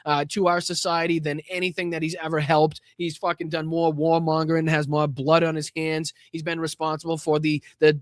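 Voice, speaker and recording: Brief: middle-aged Boston man, live-stream host, blunt and profane, fairly high voice, dry close sound. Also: a bit bright, dry recording. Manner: blunt and profane, thanks chatters by name, many fillers and restarts. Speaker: live-stream host reading viewer donations. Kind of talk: casual live-stream commentary.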